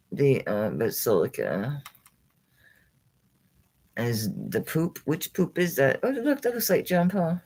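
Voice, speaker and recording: A woman with a strikingly low, deep voice that still swings freely up and down as she talks. She hosts a casual live-stream sale, rambling and thinking out loud. She laughs often and chats with viewers by name. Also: rough recording. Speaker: online jewelry seller hosting a live sale.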